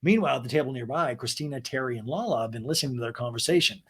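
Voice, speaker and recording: A man's voice: medium pitch, racing, fairly bright tone, breathy edge. A man hosting a podcast, giving a sarcastic, profane comedic recap. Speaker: podcast host.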